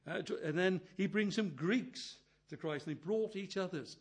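Earnest older preacher, slightly high voice. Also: male voice, normal speed, husky. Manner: earnest, quotes scripture, swings between quiet asides and emphatic bursts. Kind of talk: sermon.

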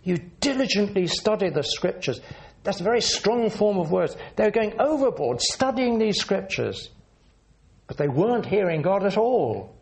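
A man preaching a sermon in an earnest, measured teaching manner, leaning into words for emphasis. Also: sits high, very animated, vocal fry, a little mellow.

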